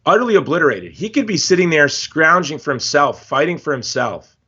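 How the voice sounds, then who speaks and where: A man's voice: a little high, sing-song, a little fast, sharp tone, slightly rough, dull audio. A man speaking as a guest in a podcast interview, telling stories with passion and emphatic repetition. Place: Hawaii.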